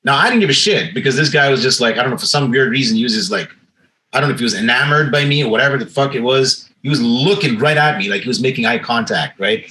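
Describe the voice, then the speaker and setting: A man's voice: medium pitch, fast, rough recording. A man telling a bar story in casual podcast chat, profane and acting out what people said. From Canada. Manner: animated, profane, acts out quotes. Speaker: podcast host.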